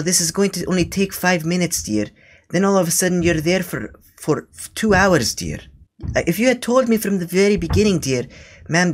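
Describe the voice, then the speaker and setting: Guy doing a fussy old granny voice, says dear every line, nags and rambles on a prank call. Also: a little high. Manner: says dear constantly, scolding, meandering. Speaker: scambaiter.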